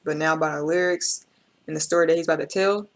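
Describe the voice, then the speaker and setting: A woman's voice: sits low, steady tone, fast. A woman hosting a reaction video, talking in an emotional, reflective and casual way and speaking straight to her viewers with slang.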